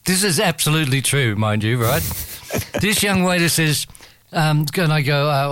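A man's voice: a little high, normal speed, few pauses, fairly bright tone, slight background noise. A man telling a rambling anecdote as a radio guest, full of restarts and frequent laughter. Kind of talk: anecdotal storytelling.

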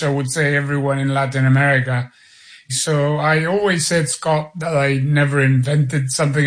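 Man, enthusiastic announcer. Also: on the high side. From Argentina. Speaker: soccer play-by-play announcer, guest. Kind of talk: interview answers.

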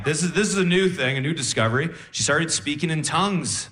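Animated young man doing stand-up. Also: a little fast, hardly any pauses. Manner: animated, with sudden high-pitched exclamations. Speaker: stand-up comedian. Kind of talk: stand-up comedy set. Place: comedy stage. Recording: echoey room.

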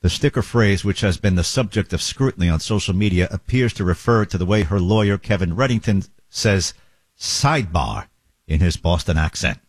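A man's voice: deep voice, a little fast, few pauses, dry recording. A man hosting a talk radio show, chatting casually with wandering asides.

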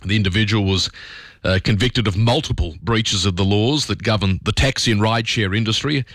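A man's voice: on the low side, a little fast, a bit bright, no room sound, studio quality. Australian male talkback radio host. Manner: conversational, opinionated, many fillers.

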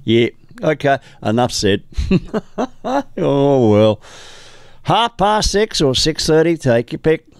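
A man's voice: fairly high pitch, sing-song, takes it slowly, clear, resonant tone, dry recording. An Australian man presenting on local radio in a casual, chatty way, reading the weather with muttered asides into a studio microphone.

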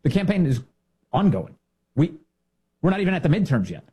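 Indignant guy doing political commentary, kinda high voice, mocking and sarcastic. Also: very animated, brisk, mellow, husky.

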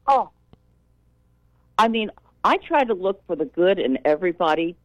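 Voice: mid-range voice, very animated, moderate pace, no room sound. Caller on a muffled phone line. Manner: retells events, repeating "I said". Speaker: caller, store worker. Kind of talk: phone-in storytelling.

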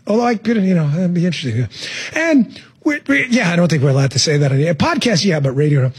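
A man hosting a radio talk show, telling stories in a sarcastic, animated monologue with quick asides. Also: sits high, husky.

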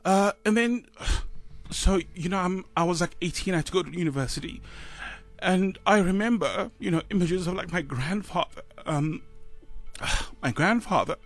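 A high-voiced South African man in his thirties talks on breakfast radio in a halting way, sighing often and close to tears. Soft music sits faintly beneath him. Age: 30s. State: choked up. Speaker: radio co-host. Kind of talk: emotional radio chat.

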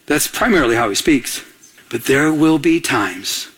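A Michigan pastor preaches a sermon built on personal stories, acting out the voices of the people in them. His voice is fairly high, animated, unhurried, a bit bright, and slightly rough.

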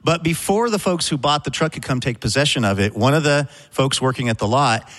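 A man's voice: mid-range voice, a little fast, a bit bright. Middle-aged radio host guy, easygoing storyteller, dry jokes about himself, studio sound. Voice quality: wry, self-mocking humor. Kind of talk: chatty storytelling with comic asides.

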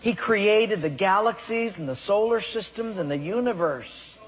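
High-voiced husky man preaching in a hall. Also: expressive, measured pace. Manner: emphatic preaching, acting out excuses. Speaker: pastor. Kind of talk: sermon. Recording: voice in a large reverberant hall.

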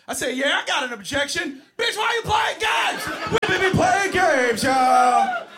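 A man doing a shouting crude club comic. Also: very high-pitched, pitched above the performer's own voice, heavily acted. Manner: shouting a sing-song catchphrase. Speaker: stand-up comedian. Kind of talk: stand-up set.

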